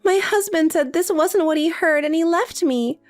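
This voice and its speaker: A woman's voice: extremely high pitch, moderate pace. A synthetic woman's voice playing a desperate, pleading married older sister in a text story, with faint music behind. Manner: pleading, insistent.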